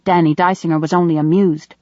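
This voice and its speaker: A woman reads a first-person audiobook in an even, measured way. Her voice sits on the low side. The recording is dull and dry, close to the mic. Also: no echo. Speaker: audiobook narrator. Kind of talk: scripted first-person narration.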